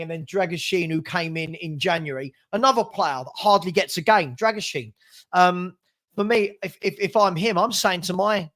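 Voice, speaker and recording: A man's voice: high voice, fairly bright tone. A man hosting a football watchalong, talking in a frustrated, rambling way and tripping over repeated words. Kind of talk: casual football chat.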